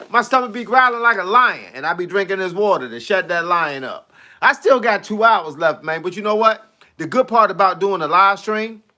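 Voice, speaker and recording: A man who coaches fitness and boxing, chatting casually on a live stream into a phone, animated and slangy, laughing often. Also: high-pitched.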